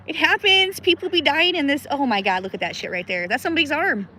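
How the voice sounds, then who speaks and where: A woman's voice: sits high, animated, fast talker, pushed and bright. A woman chatting casually to her viewers on a live stream from outdoors in a river, giggling often and greeting viewers by name. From Pacific Northwest of the US. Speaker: livestream host.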